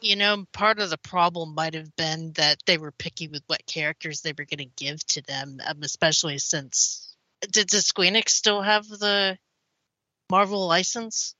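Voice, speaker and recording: A woman co-hosting a podcast in casual chat, making quick offhand remarks. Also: lowish voice, fairly even intonation, sharp tone, dry recording, rough recording. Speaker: podcast co-host. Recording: dry close sound.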